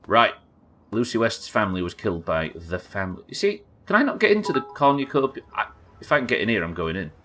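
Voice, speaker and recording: A man, low in pitch yet bright and forward in tone, commentating a live game stream. His delivery swings up and down as he trades wry, sweary banter with his chat. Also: very animated, fast talker, a little hiss or hum.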